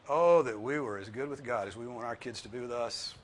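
A pastor preaches a sermon at a fairly quick pace, earnest and pleading. He repeats his points for emphasis, his voice swinging from soft, low tones to loud, high ones.

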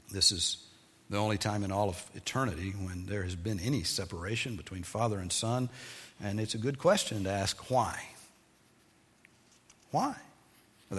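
A man giving a sermon, reading scripture aloud and then explaining it in a measured teaching tone. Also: on the low side, a bit bright, in a large hall. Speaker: preacher.

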